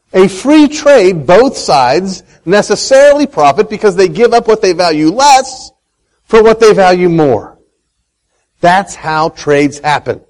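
A man giving a lively talk to an audience on faith and money, asking them questions and telling a folksy story. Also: high-pitched, low-quality recording. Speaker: speaker on Christian economics.

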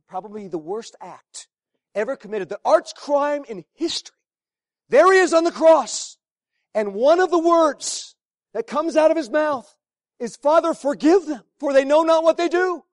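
A high-pitched man preaching in a dry, close recording. His sermon moves from near-whispers to shouted emphasis, and he hammers points home by repeating phrases. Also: no echo. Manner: dramatic swings from hushed near-whispers to shouting.

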